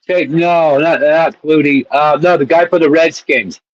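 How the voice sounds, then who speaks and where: A man's voice: fairly high pitch, steady tone, a little slow, no echo, highs cut off. A man co-hosting a casual sports chat show, rambling and laughing as he tells stories. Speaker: co-host.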